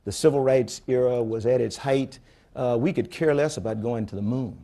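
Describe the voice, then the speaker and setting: Older guy at a talk, mellow low tone, blunt storyteller, lots of restarts. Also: normal speed. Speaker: space agency head speaking at a public forum. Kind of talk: conversational Q&A answers. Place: conference room before an audience.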